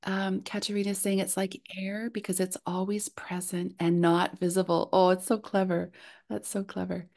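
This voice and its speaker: A woman hosting a webinar over a video call, soft-spoken and gently enthusiastic as she reads out participants' comments. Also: mid-range voice, little pitch movement, moderate pace, vocal fry. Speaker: host.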